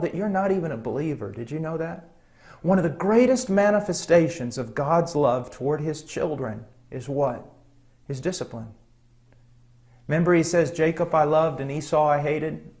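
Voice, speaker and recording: Middle-aged guy preaching, earnest and chatty, lots of ums, voice a bit on the high side. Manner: earnest, conversational, with frequent ums and soft chuckles. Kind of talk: sermon with personal story.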